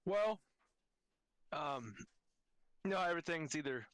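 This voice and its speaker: A man's voice: on the high side, animated, takes it slowly, fairly bright tone, dry recording. A man who works as a mechanic, a guest on a podcast, explaining car repair in a laid-back, matter-of-fact way with casual slang. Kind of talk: casual chat.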